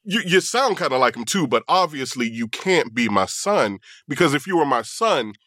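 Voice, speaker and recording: A man voicing a big, stern but loving farmer father who booms and teases with mock sternness. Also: very animated, normal speed, bright, forceful tone, dry recording, clean studio sound. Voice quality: booming. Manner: teasing, mock-stern scolding.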